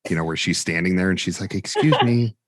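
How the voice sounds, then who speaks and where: A man with a low, deep voice recounts a training story as a guest instructor on an interview. He tells it casually and acts out each quoted line. The sound is dry and close. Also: rapid-fire, dry recording. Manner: animated, acts out quoted dialogue.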